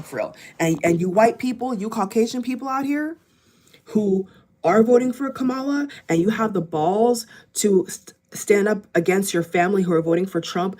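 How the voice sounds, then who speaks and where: Woman vlogger, fired-up commentary, repeats herself for emphasis, medium pitch. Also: darkish tone. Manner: emphatic, repetitive, addresses viewers directly. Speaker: political vlogger. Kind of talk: impassioned commentary to camera.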